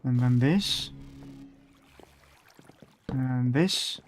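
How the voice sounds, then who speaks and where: A man's voice: medium pitch, drawn-out words, soft background music. A young man giving casual, profane commentary while building in a video game, muttering to himself as he works. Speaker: gaming streamer.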